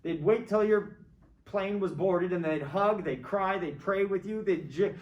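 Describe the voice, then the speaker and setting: In an echoey classroom with the mic far away, a middle-aged college government lecturer rambles through his opinions, constantly tagging on "right?" to check in. His voice sits high, moves a little slowly, and sounds as though the highs are cut off.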